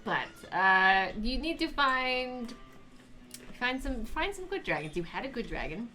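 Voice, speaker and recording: A woman voicing a hardened old male dragon god who gives blunt, gruff encouragement in a tabletop game. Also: fairly high pitch, sing-song, a little slow, bright, forceful tone, soft background music, full character voice. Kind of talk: playing a character in a tabletop game.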